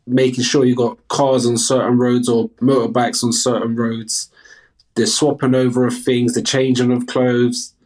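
A man's voice: mid-range voice, little pitch movement, normal speed, a little mellow. Candid South London man in his thirties. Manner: earnest, candid, chatty. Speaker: guest. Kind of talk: casual interview chat.

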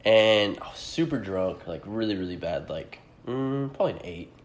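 A man's voice: fairly low pitch, animated, normal speed. Rambling, profane young man telling stories. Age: 20s. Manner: rambling profane storytelling, acts out quotes. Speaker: podcast host. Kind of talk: casual podcast chat.

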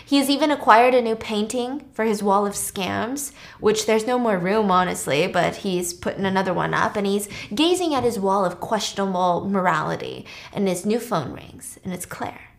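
A woman's voice: medium pitch, animated, normal speed, gravelly, hardly any pauses. A woman casually recapping a film plot in a chatty way, adding frequent asides.

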